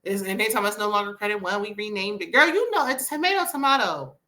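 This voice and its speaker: Sassy bright-voiced woman. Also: mid-range voice, expressive, fast talker. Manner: sassy, opinionated, talks back at the screen. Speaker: reality show reviewer. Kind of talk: casual commentary.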